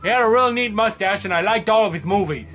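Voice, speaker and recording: A man voicing a dim-witted, cheerful male puppet who speaks slowly and earnestly in a comedy sketch. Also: sits high, fairly bright tone, soft background music. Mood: naive. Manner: slow, naive and earnest.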